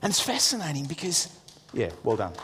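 A middle-aged man, preaching a sermon as a pastor with lively storytelling and jokey asides. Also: fairly high pitch, brisk, big-room sound, background noise.

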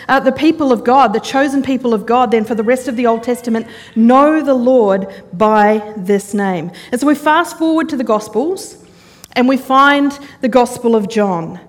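Woman pastor, lively storytelling sermon, slightly high voice, long hall reverb. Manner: animated storytelling, acting out quoted voices.

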